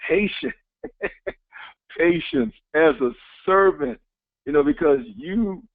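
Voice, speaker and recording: A man with a somewhat high, gravelly voice gives a motivational talk. He is emphatic, with a lively, swooping delivery, and he repeats his key phrases and counts off his points one by one. The sound is thin and tinny, like a phone line. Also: takes it slowly, no room sound. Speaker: motivational speaker.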